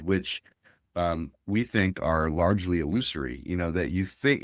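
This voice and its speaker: Deep-voiced man explaining research. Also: dry recording, studio quality. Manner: thoughtful, explanatory, many fillers and restarts. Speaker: guest researcher. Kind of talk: academic interview talk.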